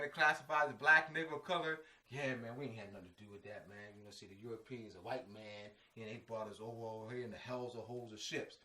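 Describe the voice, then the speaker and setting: A man's voice: mid-range voice, bright, forceful tone, slight background noise. A man giving an informal lecture, emphatic and repetitive, full of slang asides like "man" and "you know what I mean". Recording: echoey room, mic at a distance.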